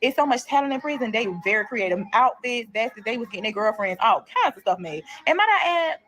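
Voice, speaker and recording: Young woman, storytime, blunt, profane, rapid, slightly high voice. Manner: animated, blunt, profane, addresses listeners as y'all. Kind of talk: casual storytime. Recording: played clip within livestream.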